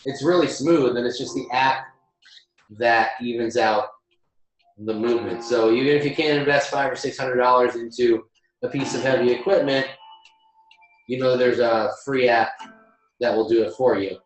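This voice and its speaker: A man's voice: medium pitch, fairly even intonation, normal speed. A man co-hosting a casual show, explaining things in a practical, step-by-step way. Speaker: co-host. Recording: echoey room with faint music.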